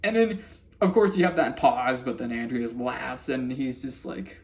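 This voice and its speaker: Speaking a little slowly in a medium-pitched, darkish voice, a vlogger goes over a cartoon episode in a relaxed, informal way. He wanders, doubles back, starts sentences over and laughs occasionally along the way.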